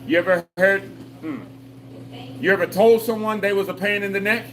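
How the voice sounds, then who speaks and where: A man's voice: high voice, fairly even intonation, moderate pace, crowd noise, low-quality recording. A man leading a live exercise class for seniors, giving patient, repetitive step-by-step cues with folksy jokes. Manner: patient, repetitive coaching with call-and-response cues. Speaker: senior fitness instructor.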